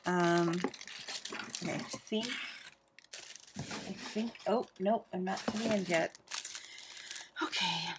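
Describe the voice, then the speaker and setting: A woman hosting a casual craft unboxing, gushing and exclaiming over each item and sometimes dropping to a hushed near-whisper. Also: on the low side, slow pace, pauses often, heavy background noise. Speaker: craft channel host.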